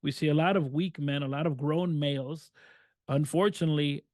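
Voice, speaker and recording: A man's voice: fairly high pitch, fairly even intonation, normal speed, darkish tone, no room sound. A man co-hosting a podcast, talking earnestly in a casual discussion and stressing points by repeating himself. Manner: earnest, repetitive emphatic phrasing. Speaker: podcast co-host.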